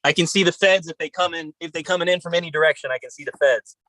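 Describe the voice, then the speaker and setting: A man's voice: on the high side, fast talker, sharp tone, dry recording, poor audio. A man co-hosting a podcast over a video call from his camper, talking in a profane, upbeat, rambling way. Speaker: podcast co-host. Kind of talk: casual chat. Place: camper by a river outdoors.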